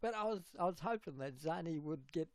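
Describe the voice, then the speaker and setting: A man with an Australian accent hosting a casual livestream chat, rambling and giggling, now and then breaking into loud put-on voices. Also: fairly high pitch, animated, brisk, dry recording. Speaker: livestream host.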